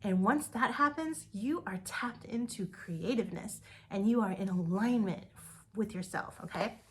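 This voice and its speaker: A woman's voice: mid-range voice, moderate pace. A woman giving an upbeat motivational talk to her direct sales team, repeating words for emphasis.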